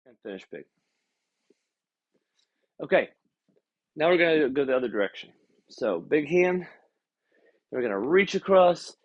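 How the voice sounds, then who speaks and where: A man's voice: fairly high pitch, lively intonation, moderate pace, pauses often, highs cut off. Man counting exercise reps aloud. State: out of breath. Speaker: exercise instructor. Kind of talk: live-streamed seated exercise class.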